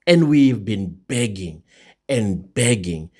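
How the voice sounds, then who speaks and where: A man's voice: on the low side, animated, slow pace, warm tone. A South African man hosting an impassioned opinion monologue, firing off rhetorical questions. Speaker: show host.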